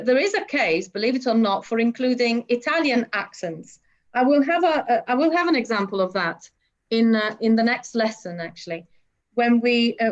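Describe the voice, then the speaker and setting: A woman's voice: on the high side, muffled recording. A woman teaching an online English class, explaining at length with many fillers over a video call.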